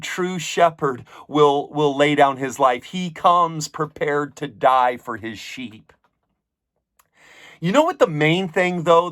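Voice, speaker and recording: A man's voice: a little high, a bit bright, no echo, clean studio sound. A man preaching a sermon as pastor, emphatic, with repeated phrases and questions put to his listeners.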